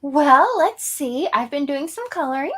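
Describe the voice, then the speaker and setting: A woman guest artist in a casual chat, chatty and giggly, telling her story in an animated way. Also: high voice, measured pace, slight background noise.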